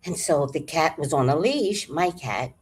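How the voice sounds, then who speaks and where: Husky low-voiced woman telling a story. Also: measured pace. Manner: animated, profane, with frequent sighs and throat-clearing. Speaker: vlogger. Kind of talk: casual storytelling.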